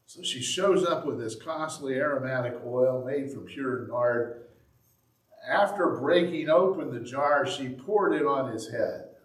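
A man's voice: mid-range voice, unhurried, far from the mic. Man preaching in an echoey room. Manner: conversational storytelling, acting out quotes. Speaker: pastor. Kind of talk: sermon. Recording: echoey room, speaker away from the mic.

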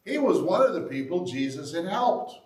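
A man's voice: sits high, big pitch swings, normal speed, recorded from a distance. A man preaching a sermon, telling the story in a conversational way and acting out the quotes. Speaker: pastor. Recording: echoey room, speaker away from the mic.

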